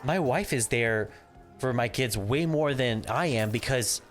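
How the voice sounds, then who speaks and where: A man's voice: medium pitch, a little slow. A young man livestreaming a game, chatting casually and animatedly, laughing often and acting out family conversations. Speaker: gaming livestreamer and father. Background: game music.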